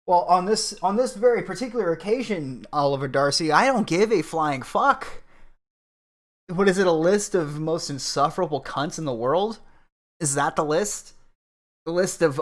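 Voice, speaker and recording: A man's voice: fairly high pitch, fairly bright tone. A man hosting a livestream, ranting angrily and crudely at the news with rhetorical questions. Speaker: livestream host. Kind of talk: profane political commentary stream.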